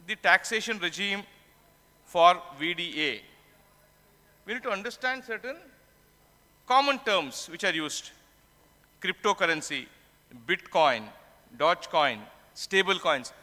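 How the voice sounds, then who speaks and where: A man's voice: sits high, pushed and bright, big-room sound. A man giving a conference lecture, explaining terms and posing questions to himself before answering them. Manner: explanatory, asks and answers his own questions. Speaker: tax conference speaker. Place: conference hall.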